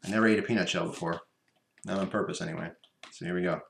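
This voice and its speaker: A vlogger with a low-pitched, slightly bright voice and vocal fry talks fast with fairly even intonation. He rambles casually through an unboxing and taste-test, chewing as he speaks, in a room at home by his computer that sounds echoey and has background noise.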